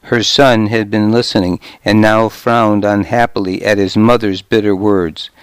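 A man narrating a first-person audiobook in a measured, even manner. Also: lowish voice, clear, resonant tone, dry recording.

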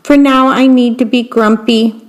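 A woman's voice: a little high, steady tone, unhurried, natural voice. Woman reading as a sulky grumpy monkey. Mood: glum.

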